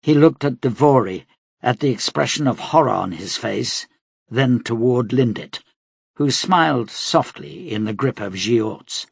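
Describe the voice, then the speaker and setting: A man reading an audiobook aloud in a steady, dramatic manner as its narrator. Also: mid-range voice, measured pace, vocal fry, breathy edge, no echo, studio quality. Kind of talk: scripted narration.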